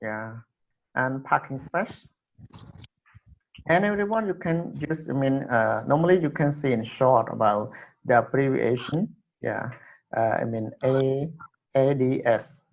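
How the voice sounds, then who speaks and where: Guy teaching english, slow and halting, keeps repeating words, muffled lo-fi audio. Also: medium pitch, creaky. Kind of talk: classroom English lesson. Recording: dull lo-fi recording.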